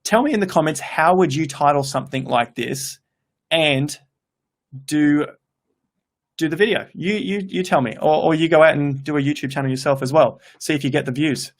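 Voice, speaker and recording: Un hombre australiano de unos treinta años presenta en vivo un canal de criptomonedas, charla animado mientras lee los comentarios y a menudo se corrige a mitad de frase. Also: male voice, fairly high pitch, normal speed. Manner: chatty, upbeat, thinks aloud with restarts. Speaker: crypto YouTuber hosting a livestream. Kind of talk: casual livestream chat reading comments. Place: home room with laptop set up.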